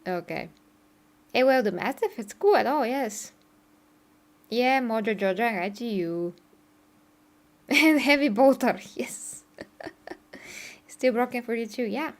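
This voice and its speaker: A woman's voice: on the high side, lively intonation, slow, long pauses. A woman, chatting casually on a live stream, laughing often and answering her chat. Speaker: streamer reacting to game trailers. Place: home streaming setup in Bulgaria.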